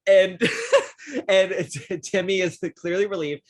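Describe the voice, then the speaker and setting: A man hosting a casual film chat, animated, acting out characters' lines and laughing often. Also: high voice, slow pace. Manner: frequent fillers and restarts, laughs often. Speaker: podcast host.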